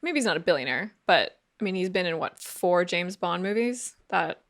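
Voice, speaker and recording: Woman, podcast co-host, casual chat, lowish voice, chatty, many fillers. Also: lively intonation, normal speed, fairly bright tone.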